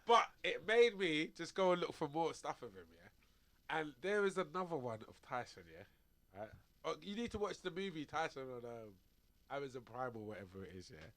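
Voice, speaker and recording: A man hosts a radio sports show in loose studio banter. His voice sits high and bright and swoops all over as he tells stories. He rambles in slang and often breaks into laughter. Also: big pitch swings, normal speed, vocal fry.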